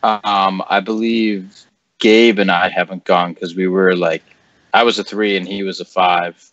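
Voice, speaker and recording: A man with a fairly low voice makes low-key jokes while playing a tabletop game. The call audio is dull and muffled. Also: little pitch movement, unhurried, fairly bright tone, no echo. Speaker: player. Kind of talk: casual banter between players.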